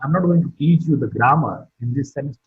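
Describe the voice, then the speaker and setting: A man giving a phonetics lecture online, speaking slowly and deliberately and repeating example sentences with stress on the last word. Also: mid-range voice, expressive, slightly rough. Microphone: computer or phone mic for online class. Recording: dull, muffled lo-fi audio.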